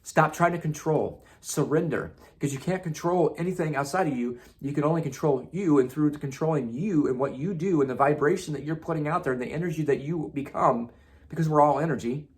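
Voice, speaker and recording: A man's voice: a little high, brisk. A man giving an emphatic spiritual self-help monologue, repeating himself and swearing casually. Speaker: motivational speaker.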